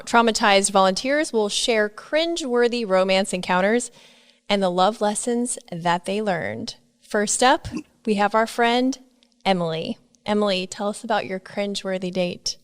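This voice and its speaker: A woman's voice: medium pitch, normal speed, smooth, no echo, studio quality. A woman hosting a podcast in a wry, upbeat, casual way. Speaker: podcast host.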